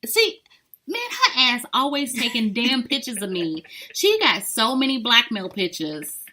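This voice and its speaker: Woman, casual podcast co-host, teasing, animated pitch, bright. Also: measured pace. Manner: playful teasing, slangy. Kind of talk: casual chat.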